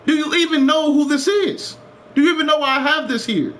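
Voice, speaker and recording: A man's voice: very high-pitched, moderate pace, fairly bright tone. A man streaming a game live, ranting with passion, repeating himself and swearing. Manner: impassioned, repetitive, swears, rising to urgent.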